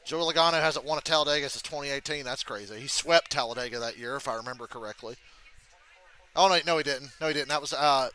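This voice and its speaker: A young man reacting live to a race on stream, excitable and swearing freely as he thinks aloud. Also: mid-range voice.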